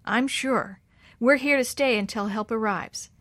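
A woman voicing a gentle, faithful elderly grandfather in a storybook read-aloud, talking in a steady, reassuring way. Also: fairly high pitch, measured pace, dry recording.

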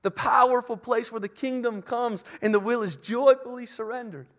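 High-voiced man preaching earnestly. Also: moderate pace, a bit bright. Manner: earnest, conversational preaching with storytelling asides. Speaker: pastor. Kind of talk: sermon.

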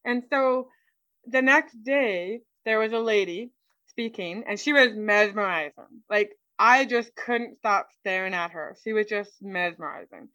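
A woman's voice: medium pitch, a little slow, sharp tone, dry recording, rough recording. A woman guest in an interview, chatting casually through a personal story and acting out what people said to her. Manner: chatty, acts out quoted dialogue, many "like"s.

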